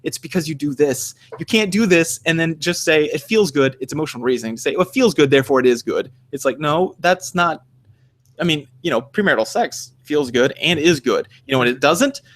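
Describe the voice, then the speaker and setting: Fast-talking man, swearing podcast co-host. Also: fairly high pitch, lively intonation, fairly bright tone. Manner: rambling, swears freely, acts out quoted arguments. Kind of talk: casual podcast discussion.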